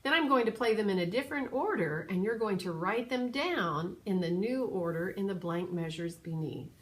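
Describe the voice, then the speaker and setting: A woman teaching a children's piano lesson, patient and clear, now and then singing solfege syllables. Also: medium pitch, animated, moderate pace. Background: piano playing.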